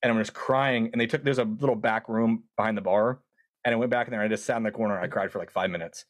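A man casually telling a long story, animated and quoting himself often with words like "dude". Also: lowish voice, quick pace, no room sound, studio quality. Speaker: podcast guest.

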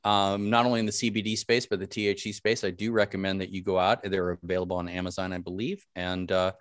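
A man's voice: low-pitched, level tone, fast talker, dry recording, clean studio sound. A man hosting a podcast, upbeat and rambling, with fillers and some mild swearing. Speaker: podcast host. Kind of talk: casual interview chat.

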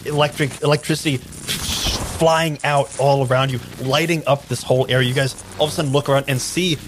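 A man's voice: medium pitch, fairly even intonation, a little fast, background noise. A man running a tabletop game as game master, describing the scene eagerly for the players.

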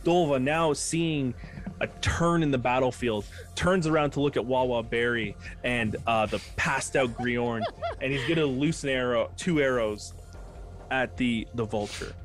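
A man narrating combat as game master in a loose, casual way, with fillers and restarts, counting dice out loud. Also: medium pitch, measured pace, over music.

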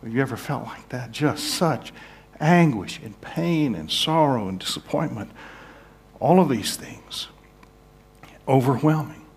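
Male pastor, earnest preacher, swings from hushed to emphatic, mid-pitched voice. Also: lively intonation, measured pace, vocal fry, long pauses. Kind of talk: sermon. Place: church sanctuary.

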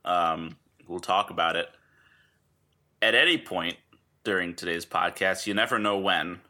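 A man co-hosting a podcast, telling rambling, animated stories in casual chat. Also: low-pitched, unhurried. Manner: animated storyteller, rambling and jokey. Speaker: podcast co-host.

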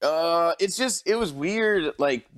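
A man co-hosting a casual podcast, telling animated stories and laughing often. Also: a little high, slow. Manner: animated storyteller, laughs a lot. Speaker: podcast co-host.

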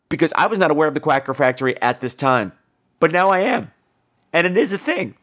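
A woman calling in to a podcast and telling a rambling story, jumping into high impressions. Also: brisk. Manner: animated, jumps into high-pitched impressions. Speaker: caller.

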